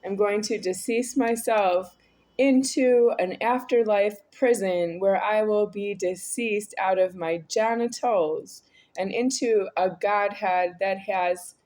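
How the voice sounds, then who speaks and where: A woman talking alone to the camera in a rambling, repetitive monologue, swinging between a quiet voice and a raised one. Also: medium pitch, fairly even intonation, slow. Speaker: video creator.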